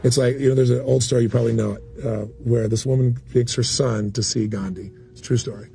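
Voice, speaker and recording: Gravelly fast-talking man, blunt storyteller. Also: medium pitch, steady tone, mellow, soft background music. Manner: storytelling, blunt, acts out quotes. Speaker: motivational speaker. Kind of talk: candid conversational interview.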